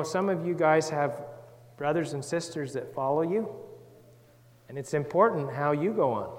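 A man giving a gentle Bible talk to children, reading verses and asking them questions. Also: medium pitch, in a large hall. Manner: gentle, reads scripture aloud, asks the children questions. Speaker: children's Sunday school teacher.

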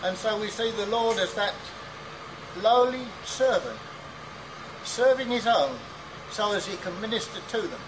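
A man preaching a sermon at a conference, halting and pausing, with fillers. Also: sits high, lively intonation, noisy background. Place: conference hall.

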